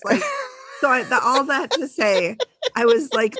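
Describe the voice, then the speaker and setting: A woman co-hosting a podcast, telling a story in a casual, animated way and acting out the people she quotes. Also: fairly high pitch, normal speed, no echo. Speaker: podcast co-host. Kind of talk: casual chat.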